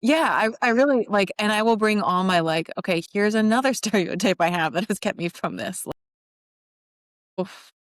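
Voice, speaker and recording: A woman with a mid-range voice and moderate pace co-hosts a podcast, chatting casually in a candid, self-deprecating way and often restarting her sentences. The studio sound is clean, with no room sound.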